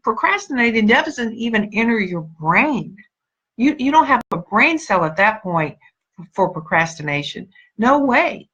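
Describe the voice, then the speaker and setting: A woman's voice: medium pitch, fairly bright tone, husky, highs cut off. A woman giving an earnest, emphatic motivational talk on a livestream, repeating her key words for weight. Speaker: motivational speaker and sales team leader.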